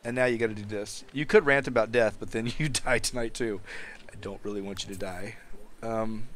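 A man's voice: lowish voice, a little fast, a bit bright. Chatty man narrating a life-sim game. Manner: chatty, talks to his game characters, laughs often. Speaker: let's play host. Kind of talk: casual gameplay commentary. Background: game music.

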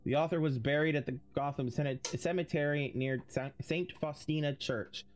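A man's voice: on the high side, fairly even intonation, moderate pace. A man streaming a video game, chatty and self-amused as he reads in-game messages aloud. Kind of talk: casual livestream reading aloud.

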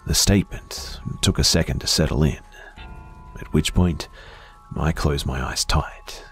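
A man reading a first-person horror story aloud in a hushed, dramatic way, slipping into whispers at tense moments. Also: rumbling low, unhurried, soft background music.

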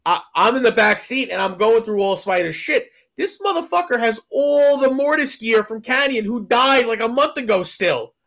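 A man's voice: very high voice, animated, moderate pace, hardly any pauses, a bit bright. A man co-hosting a wrestling podcast, telling a crude story with lots of swearing and laughter. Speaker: podcast co-host, pro wrestler. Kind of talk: casual storytelling, profane.

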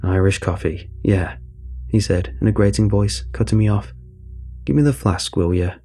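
A man's voice: fairly low pitch, normal speed, dark tone, breathy edge, soft background music. A man doing a grating, frantic old grandfather. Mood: gruff.

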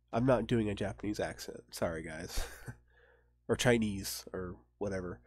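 A man's voice: on the low side, normal speed, no echo. A man hosting a let's play, reading the game's dialogue aloud and chatting with apologetic asides. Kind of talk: casual gameplay commentary.

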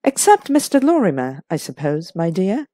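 A woman voicing a shrewd, gentle elderly spinster who solves mysteries, in a precise, soft-spoken manner. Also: lowish voice, big pitch swings, normal speed, dry recording, clean studio sound, voice pushed down.

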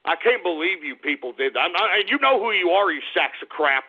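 A man hosting a radio show, scolding his listeners in a combative rant that keeps breaking into shouts. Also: sits high, expressive, fairly quick, slightly rough. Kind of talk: ranting call-out radio talk. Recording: tinny phone-like radio audio.

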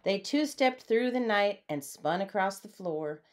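A woman reading a storybook aloud in a lively way, changing her voice for the characters. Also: mid-range voice, a little slow. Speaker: storybook reader. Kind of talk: read-aloud storybook narration.

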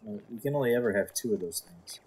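A man playing along on voice chat, tossing in quick offhand remarks. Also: on the low side, lively intonation, a little mellow, slight background noise. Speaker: co-player on voice chat. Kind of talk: casual game chat.

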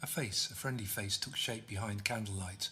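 A man reading his own novel aloud as an audiobook, steady storytelling. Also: fairly low pitch, moderate pace, a little hiss or hum. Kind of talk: audiobook narration.

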